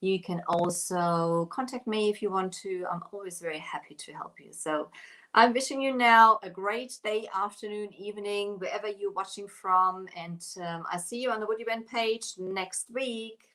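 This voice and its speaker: A woman's voice: medium pitch, moderate pace, sharp tone. Chatty woman hosting a live craft demo. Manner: chatty, thanks viewers by name, talks while working. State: out of breath. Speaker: craft shop owner hosting a live stream.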